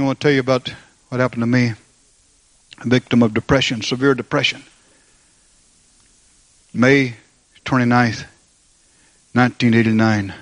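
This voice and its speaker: A middle-aged man preaching a sermon and giving a personal testimony. He rises to fervent, high exclamations of praise and turns somber and slow when he tells of loss. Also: dry recording. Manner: somber, slow storytelling when recounting grief.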